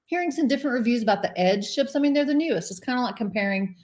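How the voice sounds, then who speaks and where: A middle-aged woman talks in a somewhat high voice as she co-hosts a casual cruise live stream. She chatters along, laughs easily and reads out comments from viewers. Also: expressive, rapid-fire, darkish tone. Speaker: cruise vlogger co-host.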